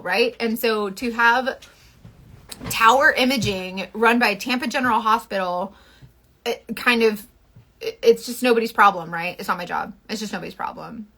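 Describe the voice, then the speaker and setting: A talkative woman from Florida vents to her viewers while doing her makeup live. Her voice sits a little high and sounds bright and clear. She rambles in casual asides. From Florida, USA. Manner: chatty, venting, animated, swears. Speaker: makeup seller livestreaming. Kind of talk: casual livestream chat.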